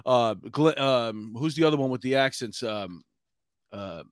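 A man's voice: mid-range voice, animated, a little slow, no echo, clean studio sound. A middle-aged man with a New York accent, hosting a casual chat show and rambling with many fillers. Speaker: podcast host.

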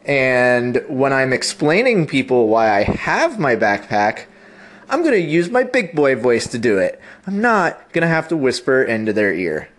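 A man in casual chat, joking in a deadpan way. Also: medium pitch, unhurried. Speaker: panelist.

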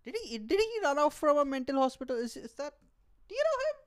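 A frantic onlooker cries out in a voice pitched far above the speaker's own, as a man puts him on. The tone is shrill and loud, the bit comic. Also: sing-song, fast talker. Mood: alarmed. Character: shocked bystander of either sex, loud and alarmed.

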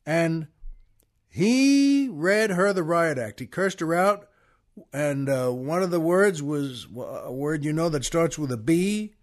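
A man's voice: fairly high pitch, animated, slow pace. A man hosting a podcast, telling a long story in a folksy, chatty way and talking straight to his listeners. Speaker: podcast host. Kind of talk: storytelling monologue.

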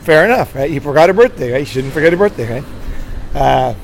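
A man's voice: fairly high pitch, lively intonation, quick pace, vocal fry. Rambling man giving advice, street noise. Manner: rambling, repeats "right?" often, restarts and stammers. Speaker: dating advice speaker. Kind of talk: casual monologue.

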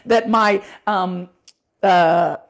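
A middle-aged woman pastor preaching with passion, her voice growing louder as she gets excited. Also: mid-range voice, very slow, creaky. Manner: passionate, rising volume when excited. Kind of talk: podcast sermon.

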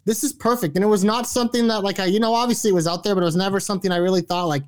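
A man's voice: sits high, fairly even intonation, rapid-fire. A man co-hosting a casual wrestling podcast, teasing his partner with dry put-downs. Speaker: podcast co-host.

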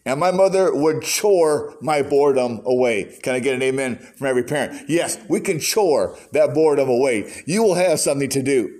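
A man's voice: mid-range voice, animated, moderate pace, few pauses, a little mellow. An older man preaching a sermon in a conversational storytelling way, acting out quotes. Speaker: pastor.

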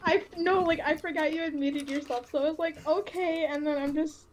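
A high-voiced woman from Texas chats as a guest on a podcast over a voice call. She giggles easily and pokes fun at herself. A faint hiss sits under her voice. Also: steady tone, fairly quick, low-quality recording. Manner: giggly, chatty, self-deprecating. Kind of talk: casual chat.

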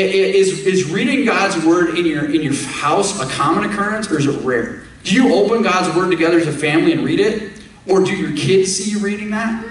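Male pastor, sermon, fairly high voice, emphatic questions, very echoey room, distant mic. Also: a bit bright. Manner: emphatic, asks the congregation direct questions.

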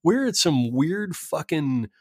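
Animated, profane man chatting. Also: a little high, breathy edge, no echo, studio quality. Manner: animated, swearing, quick mock impressions. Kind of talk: casual profane political chat.

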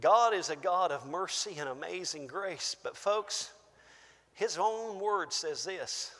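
In a slow, animated sermon, a pastor with a very high, bright tone calls out to his congregation. His voice rings through a long hall reverb, surging to fervent shouted peaks before sinking into hushed asides.

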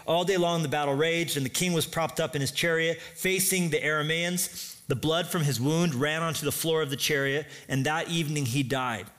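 A man's voice: fairly high pitch, moderate pace, fairly bright tone. A man preaching a sermon as pastor, telling the story with energy and acting out the voices himself.

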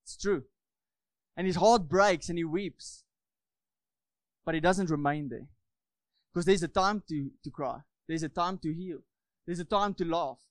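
A man preaches with fervent repetition, often calling for an amen. His voice sits high for a man. The sound is dry and close, with little room echo. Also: a little slow, pauses often. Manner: fervent, repeats phrases, asks the congregation for amens. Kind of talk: sermon.

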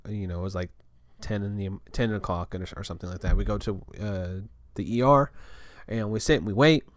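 A man's voice: lowish voice, no room sound, clean studio sound. Chatty young man telling stories. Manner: chatty, rambling, swears casually. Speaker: podcast host. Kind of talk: casual storytelling monologue.

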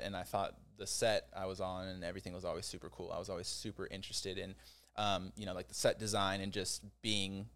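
Low-voiced young man, rambling storyteller. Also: steady tone, fast talker, smooth. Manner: rambling, many fillers and restarts. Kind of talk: casual storytelling.

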